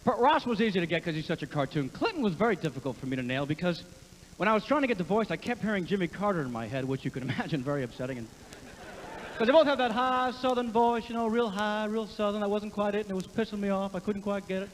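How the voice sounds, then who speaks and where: A man doing a stand-up comedy set as an impressionist, brash and quick with his jokes and given to cursing. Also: sits high, expressive, in a large hall, slight background noise, low-quality recording.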